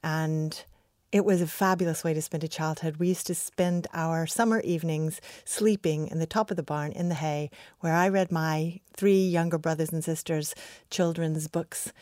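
An American woman talks as a podcast guest, recounting things with enthusiasm. Her voice is somewhat low for a woman, and the recording is dry and close. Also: fairly even intonation, moderate pace, darkish tone, dry recording. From United States. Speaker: research scientist, guest. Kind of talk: podcast interview.

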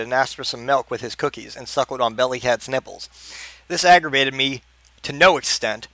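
Deadpan man reading an absurd story. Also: medium pitch, dry recording. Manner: deadpan, with stumbles and restarts. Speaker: narrator.

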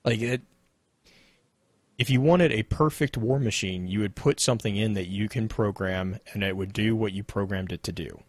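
A man co-hosting a casual gaming podcast, talking in an animated, rambling way with many restarts. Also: lowish voice, normal speed, no echo, studio quality. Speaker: podcast co-host reading game lore.

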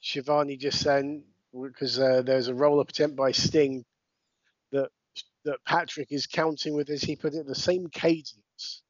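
A man's voice: medium pitch, flat delivery, moderate pace, dry recording, dull audio. A British man co-hosting a podcast, chatting casually as he commentates on old wrestling footage and explains things for overseas listeners. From United Kingdom. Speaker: podcast co-host. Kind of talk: casual watch-along commentary.

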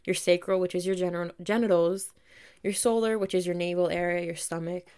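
A woman's voice: fairly low pitch, fairly even intonation, fairly quick, darkish tone, clean tone. A young woman hosting a podcast, telling a story in a casual, chatty way, full of "like" and mild swearing. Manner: chatty, swears freely, lots of "like". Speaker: podcast host.

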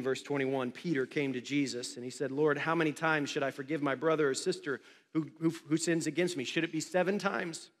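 A pastor giving a conversational sermon, often asking the congregation questions. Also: male voice, fairly high pitch. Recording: long hall reverb.

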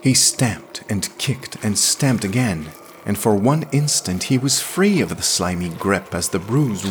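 A man reading a pulp science fiction story aloud, dramatic and expressive. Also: lowish voice, slight background noise. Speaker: podcast reader.

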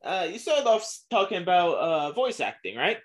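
Give me a slow, expressive interviewer teasing a guest over a video call. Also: medium pitch. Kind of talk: casual interview.

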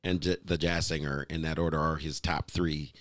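A middle-aged man, a guest singer, telling relaxed stories with a chuckle in an interview. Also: very deep voice, normal speed, no echo, studio quality. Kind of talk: casual interview storytelling.

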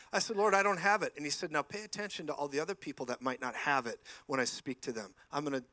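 A man preaches to a church in a fairly high voice, animated and storytelling, acting out each exchange. The sound is dry and close, with little room echo. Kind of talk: sermon.

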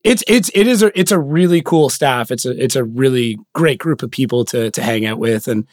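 Here is a man with a mid-range voice, recorded close and dry. He hosts the chat in a relaxed, joking way and chuckles often. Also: mid-range voice, fairly quick, dry recording. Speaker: podcast host. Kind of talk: casual interview chat.

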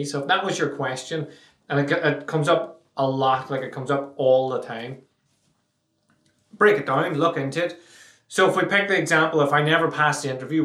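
A blunt man talking on his own podcast, cursing freely and mimicking whiny questions. His voice sits a bit high and sounds a little away from the mic in an echoey room. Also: fairly quick, fairly bright tone, recorded from a distance. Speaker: podcast host. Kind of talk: solo podcast monologue.

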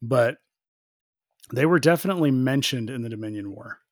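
Casting: man, podcast co-host, animated joker, dry close sound. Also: normal speed, no echo. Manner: jokey, animated, acts out bits in a high voice. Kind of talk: casual chat.

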